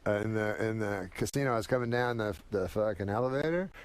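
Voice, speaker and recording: A man's voice: fairly low pitch, fast talker, clear, resonant tone. A man telling long, rambling show-business anecdotes as a talk show guest, profane and chuckling as he goes. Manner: rambling, profane, laughs mid-story.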